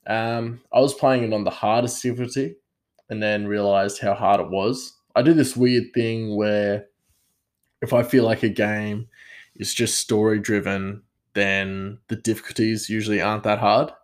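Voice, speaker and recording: A young man talks casually about video games in a somewhat low voice. He rambles and drifts off topic, pokes fun at himself, and keeps the tone easy and conversational. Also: steady tone, moderate pace. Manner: rambling, digressive, self-deprecating. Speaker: gaming vlogger. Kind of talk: casual chat.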